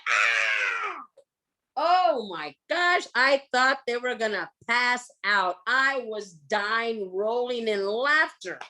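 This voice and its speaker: A woman presenting a humor workshop, telling personal stories with animated acting-out of scenes. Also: a little high. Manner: animated storyteller who acts out scenes.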